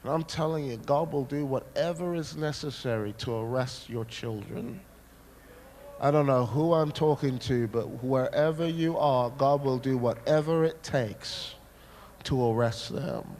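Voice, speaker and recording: A man preaching a sermon, telling a personal story with dramatic, animated delivery. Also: mid-range voice, unhurried, slight background noise.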